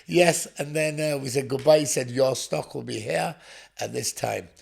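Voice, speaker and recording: A man's voice: mid-range voice, moderate pace, creaky, darkish tone. A man from England, a podcast guest, telling his story bluntly, swearing often and acting out what people said. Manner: blunt, swearing, acts out dialogue. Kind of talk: storytelling interview.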